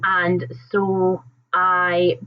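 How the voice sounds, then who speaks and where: Young female stream host, casual and rambling, quick to laugh; slightly muffled audio. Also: fairly low pitch, monotone, slight background noise. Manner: chatty, rambling, laughs often. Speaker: livestream host. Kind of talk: casual live chat with viewers.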